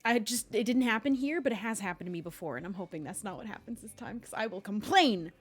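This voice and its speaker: A woman's voice: mid-range voice, fast, breathy edge, soft background music. A young adult woman streaming live, chatting casually and rambling, laughing often between complaints.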